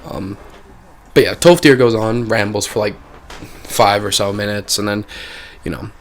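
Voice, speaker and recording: A man's voice: fairly low pitch, fairly even intonation, moderate pace. A man giving casual gameplay commentary, rambling and exasperated, his talk full of fillers. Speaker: gaming video creator.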